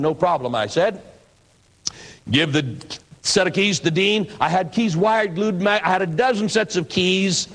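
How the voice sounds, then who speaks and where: An older man from Idaho, an evangelist preacher, telling his life story in a sermon with folksy, animated delivery and acted-out quotes. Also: fairly high pitch. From Idaho, USA.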